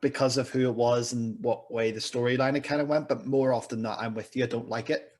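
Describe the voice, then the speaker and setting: A man as a podcast guest in casual wrestling chat, giving relaxed, measured opinions. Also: medium pitch.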